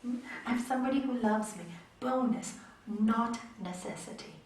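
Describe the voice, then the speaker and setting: A middle-aged woman teaching a yoga class, animated and repeating her key words for emphasis. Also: on the high side, normal speed, slight background noise. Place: teaching room. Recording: echoey room, mic far off.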